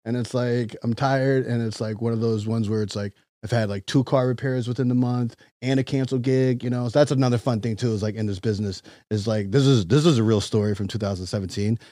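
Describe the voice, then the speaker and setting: A man's voice: mid-range voice, fairly even intonation, fast talker, few pauses, dark tone, dry recording, clean studio sound. A man telling stories in casual chat as a touring comedian, acting out other people's voices and swearing freely. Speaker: touring stand-up comedian guest.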